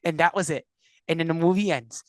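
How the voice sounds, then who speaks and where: This podcast guest, a musician and producer from Puerto Rico, talks on the high side and a little fast. He's an animated storyteller who performs the quotes in a casual interview, and there's no echo.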